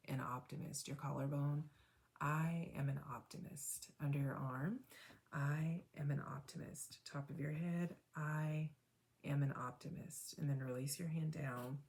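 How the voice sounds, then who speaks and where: A woman guiding a tapping meditation in a slow, soothing way, often asking "right?" and dropping to a breathy whisper for the affirmations. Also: low-pitched, a little mellow.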